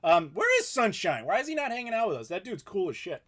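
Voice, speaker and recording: Guy in his 30s doing a chill live q&a at home, kinda high voice, laughs a lot. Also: huge pitch swings, fast talker, a bit bright. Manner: easygoing and chatty, laughs often. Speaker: host of a live stream. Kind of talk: casual live Q&A chat. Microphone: desk mic in front of him.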